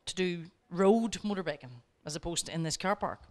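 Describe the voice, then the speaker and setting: A woman speaking at a workshop, telling lively stories and coaching her audience directly. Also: on the low side, fairly quick. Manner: lively anecdotes, acting out both sides of the dialogue. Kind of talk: storytelling lecture.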